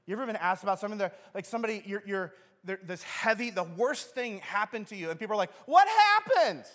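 Male pastor, sermon, lively storyteller acting out scenes, long church-hall reverb. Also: high voice, fast talker. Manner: animated storyteller who acts out scenes.

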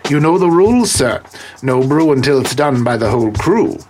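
A man's voice: medium pitch, lively intonation, moderate pace, darkish tone, a little hiss or hum, pitched above the performer's own voice, lightly acted. A man voicing a cheerful male crew worker who teases his boss about the rules. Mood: teasing.

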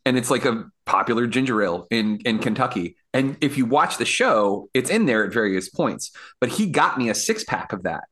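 A podcast co-host tells an anecdote in relaxed, easygoing chat, swearing freely. His voice sits in an ordinary middle register. He keeps the delivery unforced and conversational. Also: mid-range voice, normal speed, hardly any pauses, slight background noise. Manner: laid-back, swears freely. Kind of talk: casual chat, storytelling.

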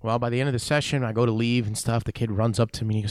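A man's voice: mid-range voice, racing, no room sound, clean studio sound. A man around forty, a weightlifting coach, telling a story in an interview, acting out the dialogue and often saying "man". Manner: animated storyteller, acts out dialogue, says "man" a lot.

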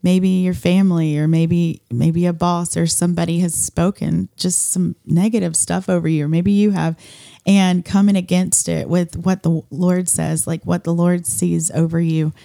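A woman's voice: on the low side, flat delivery, normal speed, vocal fry, mellow, dry recording, clean studio sound. A woman co-hosting a casual faith discussion, chatty and affirming, laughing easily. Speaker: co-host of a church talk show.

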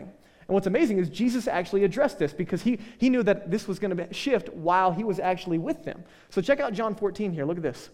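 A male pastor giving a casual, conversational sermon, full of joking asides and quick checks with the listeners. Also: sits high, a little mellow, big-room sound.

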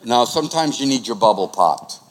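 Animated preacher in his sixties. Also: medium pitch, brisk. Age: 60s. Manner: conversational, animated, sudden swings in volume. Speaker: pastor. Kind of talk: sermon. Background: new-age music.

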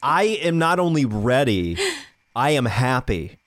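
A man's voice: mid-range voice, measured pace, dry recording. Guy on a podcast telling a wild story, voice jumps all over, super dry close sound. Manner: animated, swears freely, acts out dialogue. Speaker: podcast co-host. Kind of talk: casual storytelling chat.

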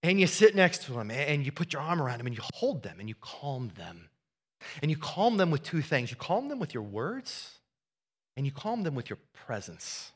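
A middle-aged male pastor preaching a sermon, swinging from loud emphatic lines to hushed, tender ones. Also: on the high side, big pitch swings, normal speed, slightly rough.

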